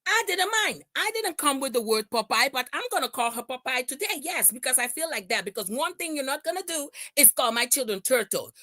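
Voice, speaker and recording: High, lively, bright-voiced woman ranting. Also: fairly quick, few pauses, dry recording, studio quality. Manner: confrontational, repeats lines, shouts at times. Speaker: livestream host. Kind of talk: heated livestream rant.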